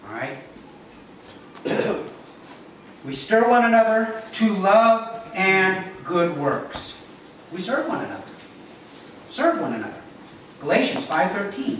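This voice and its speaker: A man's voice: sits high, lively intonation, unhurried, long pauses, a bit bright. A man, the pastor, giving a conversational sermon with joking asides to his congregation in a church. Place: church sanctuary. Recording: echoey room, voice from far off, noisy.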